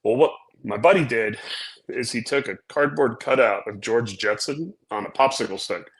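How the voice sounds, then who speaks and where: A man's voice: mid-range voice, normal speed, rough recording. A middle-aged man, co-host of a casual show, telling an anecdote and acting out the quotes with lots of "right?". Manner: animated storyteller acting out quotes, frequent "right?". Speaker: podcast co-host, former naval aviator. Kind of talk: casual chat, storytelling.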